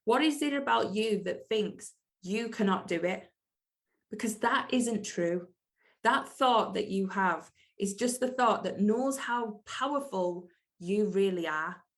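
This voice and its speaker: A woman hosts her own podcast, delivering an earnest, emphatic motivational monologue and repeating key phrases for weight. Her voice is medium in pitch and her pace slow.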